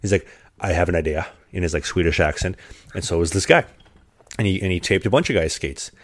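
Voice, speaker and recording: A young man telling stories in a relaxed, rambling way during a casual chat, laughing along with his own tales. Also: low-pitched, quick pace, dry recording, clean studio sound. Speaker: podcast host, hockey player.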